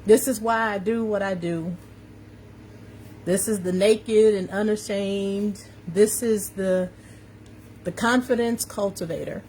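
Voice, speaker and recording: A woman's voice: mid-range voice, steady tone, slow, darkish tone, a little hiss or hum. A woman coach with a slight New York accent, hosting a live stream and speaking in a preachy, emphatic way, repeating her key phrases and greeting viewers by name. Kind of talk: live-stream motivational talk. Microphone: phone or webcam on a social media live video.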